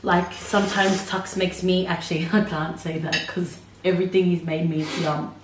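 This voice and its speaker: A woman's voice: on the low side, steady tone, moderate pace, reverberant, recorded from a distance, background noise. A woman co-hosting a casual mukbang vlog, teasing her husband and laughing often. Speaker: vlog co-host.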